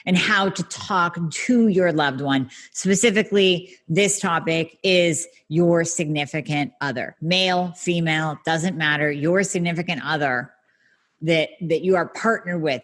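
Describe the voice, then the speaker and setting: A woman's voice: lowish voice, a bit bright. A woman hosting a solo health podcast, talking straight to her listeners in a blunt, emphatic way with some mild swearing. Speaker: podcast host and functional medicine practitioner.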